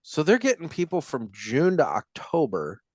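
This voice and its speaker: A man hosts a podcast in a casual, lively voice that swings widely in pitch. The sound is close and dry, with no room echo. He reacts quickly and curses when he is surprised. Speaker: podcast host. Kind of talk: casual chat.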